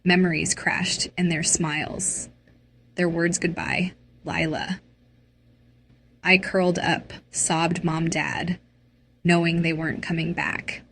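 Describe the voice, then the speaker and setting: A woman tells a dramatic, emotional first-person story slowly and deliberately. Her voice sits on the lower side. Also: level tone, a bit bright, a little hiss or hum. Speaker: narrator.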